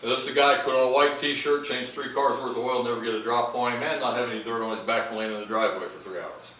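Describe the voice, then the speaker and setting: A man's voice: mid-range voice, steady tone, fast talker, a bit bright, heavy reverb, recorded from a distance, a little hiss or hum, rough recording. A man giving a humorous eulogy, telling family anecdotes and acting out the voices of the people in them. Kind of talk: storytelling eulogy at a memorial. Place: large memorial hall with audience. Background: audience laughter.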